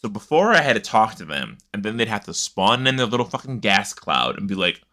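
A man's voice: on the low side, very animated, brisk, bright, forceful tone. A man co-hosting a casual gaming podcast, sarcastic and swearing freely. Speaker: podcast co-host.

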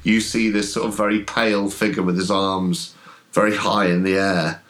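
A man's voice: deep voice, little pitch movement, normal speed, fairly bright tone. A man running a tabletop horror game as game master, describing scenes with hesitant fillers.

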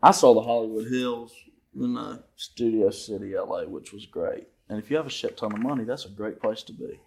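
A man's voice: lowish voice, fairly quick, creaky, a little mellow, slight background noise. A young man with a Southern US accent, chatting as a podcast guest and telling brash stories, swearing freely. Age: young adult. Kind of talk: casual chat.

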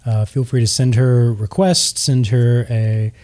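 Relaxed man running a tabletop game. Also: mid-range voice, a little slow. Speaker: game master.

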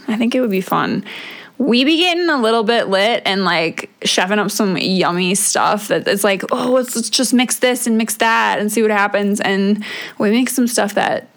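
A woman's voice: mid-range voice, moderate pace, creaky. Chatty, profane woman podcast host. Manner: chatty and profane, many "like" fillers. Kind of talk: casual solo podcast chat.

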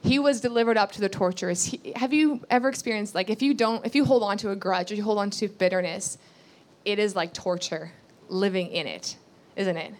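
A woman's voice: mid-range voice, fairly quick. A woman giving a sermon, reading scripture aloud and explaining it earnestly, repeating key phrases and asking rhetorical questions. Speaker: Bible teacher.

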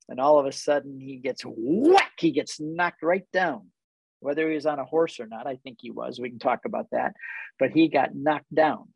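Man, earnest storyteller, easily moved, gravelly tone, close and dry sound. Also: medium pitch, normal speed, no room sound, low-quality recording. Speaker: guest who leads tour groups to Israel. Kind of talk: personal storytelling in conversation.

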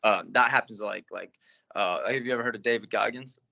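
A man's voice: fairly low pitch, fairly quick, creaky, bright, forceful tone. A young man, a guest fighter, telling stories in a laid-back, casual interview, with plenty of fillers and swearing.

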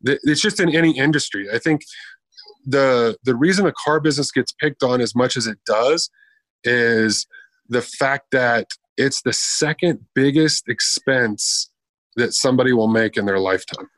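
A man's voice: mid-range voice, normal speed, fairly bright tone, no echo. A man telling a long anecdote in casual chat, rambling and conversational.

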